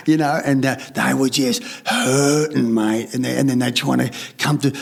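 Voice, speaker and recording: Gravelly fired-up Australian man. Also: medium pitch, moderate pace, hardly any pauses. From Sydney, Australia. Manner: rambling, fired-up, swears heavily, acts out others' lines. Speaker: podcast guest. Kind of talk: candid storytelling in conversation.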